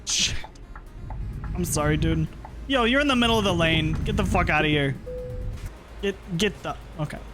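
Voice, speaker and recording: A man's voice: a little high, animated, moderate pace, pauses often. Chatty young male streamer over game music. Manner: chatty, reacts aloud while driving, talks to chat. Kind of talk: casual gameplay commentary.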